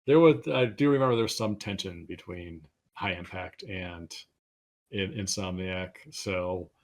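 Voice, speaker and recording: A man, a game designer, answering interview questions in a relaxed, matter-of-fact way. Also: low voice, unhurried. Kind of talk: casual interview chat.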